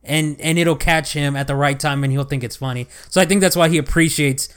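A man's voice: on the high side, fairly even intonation, brisk, a bit bright, clear, resonant tone. A young man co-hosting a casual podcast, teasing in a dry, matter-of-fact way. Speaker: podcast co-host. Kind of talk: casual chat.

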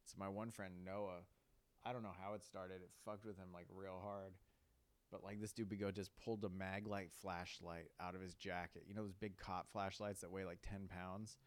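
A man's voice: deep voice, level tone, normal speed, clear, resonant tone. A young man, hosting a podcast and telling rambling stories, swearing and saying "like" a lot. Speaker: podcast host. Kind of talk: casual storytelling monologue.

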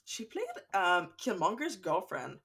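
Low-pitched young woman from Canada, podcast co-host, chatty and rambling. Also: big pitch swings, unhurried, fairly bright tone, husky. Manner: chatty, rambling with fun facts. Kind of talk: casual chat.

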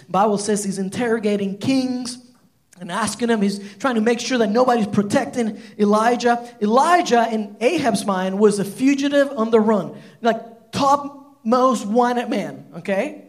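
Man, pastor, sermon, very high voice, animated, casual filler words. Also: a little slow. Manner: animated storytelling, many fillers like "like".

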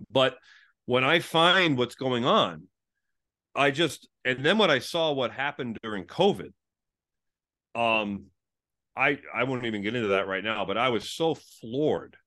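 A middle-aged man, a former pastor, telling his story as a guest in a conversational interview, animated and full of restarts. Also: fairly low pitch. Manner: animated, frequent restarts, acts out quoted exchanges.

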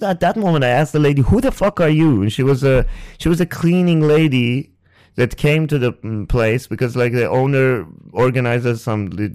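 A man hosting a podcast and telling a painful personal story. He speaks haltingly and emotionally, restarts often and swears, close to the mic. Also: fairly low pitch, a little mellow, clear, resonant tone, no room sound. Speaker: podcast host. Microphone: close ASMR microphone.

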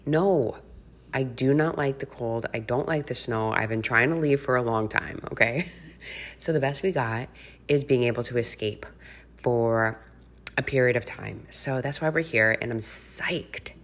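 A woman's voice: very deep voice, unhurried, a little hiss or hum. A middle-aged woman from Wisconsin hosting her own podcast in a candid, chatty way, laughing and swearing freely. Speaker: podcast host and health coach. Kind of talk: casual solo podcast chat.

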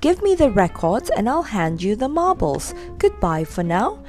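A woman's voice: medium pitch, very animated, moderate pace, warm tone, soft background music, lightly acted. A woman voicing a male sailor doll who talks firmly and cautiously.

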